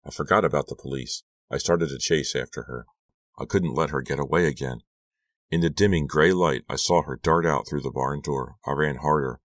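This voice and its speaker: Man reading an audiobook, super deep voice, steady and measured, dry close sound. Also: no room sound. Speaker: audiobook narrator. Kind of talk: scripted narration.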